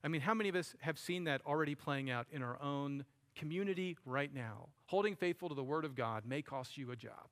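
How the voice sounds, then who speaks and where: A man's voice: a little high, fairly quick, hardly any pauses, a bit bright. Conversational preacher man. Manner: conversational preaching, addresses listeners as buddy and friends. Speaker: pastor. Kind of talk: sermon.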